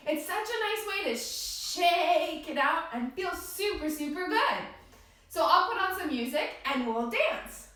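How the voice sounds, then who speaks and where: A woman's voice: high voice, pushed and bright, very echoey, far from the mic. A woman leading a yoga class for small children in a cheerful, sing-song way, talking straight to the kids. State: out of breath after dancing.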